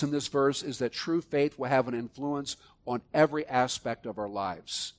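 A man preaching a sermon, moving between soft, low reflection and loud, emphatic passages. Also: normal speed, hardly any pauses. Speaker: pastor.

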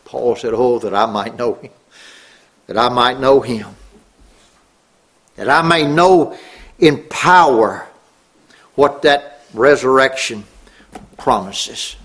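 A middle-aged man preaching a sermon, earnest, rising on key words and dropping low. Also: slow, long pauses, fairly bright tone, slightly rough.

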